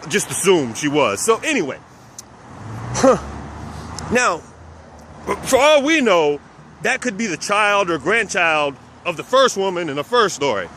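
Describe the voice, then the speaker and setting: A man from South Texas tells personal stories in a relaxed vlog, speaking of himself as "we." His voice sits high for a man, and he chuckles now and then as he talks. Faint street traffic hums behind him. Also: measured pace, long pauses. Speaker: vlogger. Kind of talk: casual personal storytelling.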